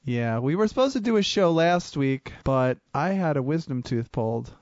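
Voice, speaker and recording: A man hosting a casual studio show, trading deadpan wisecracks. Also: a little high, moderate pace, no room sound, dull audio. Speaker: podcast host. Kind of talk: casual banter.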